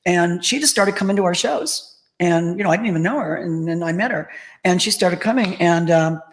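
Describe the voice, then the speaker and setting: A woman's voice: fairly low pitch, a little fast, a little hiss or hum, rough recording. Chatty woman telling backstage stories. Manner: chatty, animated anecdotes full of acted-out quotes. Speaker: tribute band singer, interview guest. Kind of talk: casual interview storytelling.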